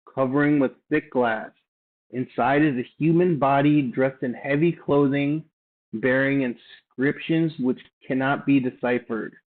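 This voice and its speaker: A man reading old documents aloud and adding offhand, halting remarks as he thinks aloud. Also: mid-range voice. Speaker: channel host. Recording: tinny phone-like sound.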